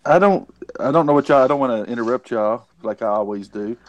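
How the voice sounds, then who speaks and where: A man holds forth on a podcast in emphatic bursts, his voice sitting at an ordinary middle pitch. The sound is dry and close, with no room around it. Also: a little fast, no room sound, muffled recording. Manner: emphatic, ranting, calls people buddy. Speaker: podcast co-host. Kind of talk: casual chat.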